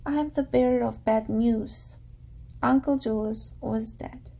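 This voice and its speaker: A shabby, sad middle-aged man, a former actor, speaks hesitantly and apologetically, as a woman reads his lines. The voice stays close to the reader's own, mellow and a little gravelly. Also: fairly high pitch, fairly even intonation, a little slow.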